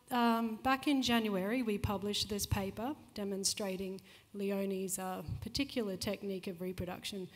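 Woman lecturing in an echoing hall. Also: medium pitch. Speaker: shark researcher and speaker. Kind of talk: prepared public lecture. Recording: long hall reverb.

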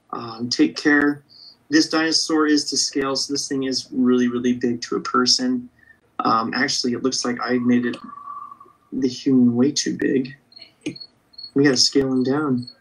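A man's voice: mid-range voice, poor audio. A man drawing live and chatting with viewers in an upbeat, casual way, thinking aloud as he sketches. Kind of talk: casual livestream chat while drawing.

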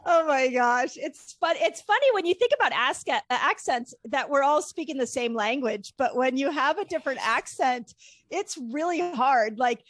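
A woman doctor, a guest on a podcast, chatting in an animated way with laughs. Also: sits high, moderate pace, no echo. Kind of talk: casual interview chat.

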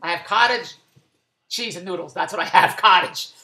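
A man delivering an exasperated comic rant to the camera, loud and full of rhetorical questions. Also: high voice, moderate pace. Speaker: vlogger. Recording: echoey room.

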